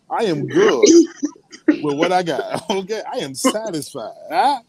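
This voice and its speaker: Animated man hosting a morning radio show. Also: high voice, normal speed, over a noisy crowd, low-quality recording. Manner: animated storytelling, laughs and whoops often. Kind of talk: casual radio chat.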